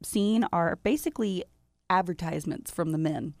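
Casting note: woman co-host, mid pitch, emphatic and chatty, dry sound. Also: creaky, no room sound. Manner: chatty, emphatic, quick to agree and laugh. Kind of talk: casual chat.

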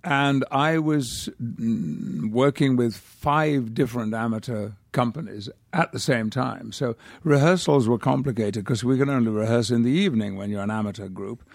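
An older man from the north of England tells stories in a measured, wry way. His voice has a gravelly, slightly creaky texture, and the sound is dry and close, with little room around it. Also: medium pitch, no room sound. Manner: measured, articulate, wry storyteller. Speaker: guest actor. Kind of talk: anecdotal interview storytelling.

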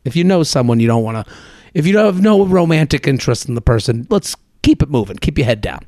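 A man's voice: mid-range voice, lively intonation, fast talker, darkish tone, dry recording, studio quality. A man in his thirties hosting a solo podcast, talking in a chatty, rambling, self-deprecating way. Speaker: podcast host.

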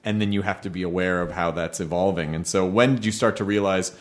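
A man hosting a casual interview podcast, talking in a quick, joking way with many restarts. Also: deep voice. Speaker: podcast host.

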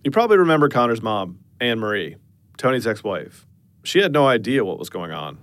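Man narrating with lively pitch. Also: dry recording. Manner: measured storytelling with dry understatement. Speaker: podcast narrator. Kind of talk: scripted narration.

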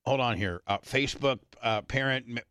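A man hosting a talk radio show, telling a crude story in a rambling, profane way and often clearing his throat. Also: mid-range voice, moderate pace, fairly bright tone, dry recording, studio quality.

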